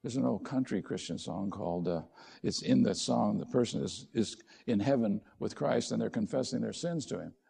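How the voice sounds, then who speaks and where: Gravelly middle-aged male preacher. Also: fairly low pitch, normal speed, dark tone. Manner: conversational preaching with rhetorical questions. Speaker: pastor. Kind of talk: sermon.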